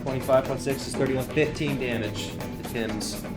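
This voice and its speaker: A man's voice: mid-range voice, fairly even intonation, normal speed, over loud music. A man running a tabletop game as game master, narrating dramatically.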